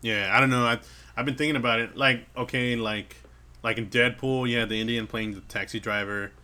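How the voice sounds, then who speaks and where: A man's voice: medium pitch, steady tone, fairly quick, pushed and bright. A man talking in casual chat, hesitant and full of fillers, swearing casually as he thinks aloud.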